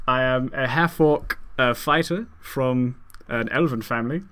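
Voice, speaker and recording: A man's voice: medium pitch, a little slow, a bit bright, smooth, close to an everyday voice. A man voicing a fancy, well-to-do male half-orc fighter in a put-on German accent, during a tabletop role-play. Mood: proud.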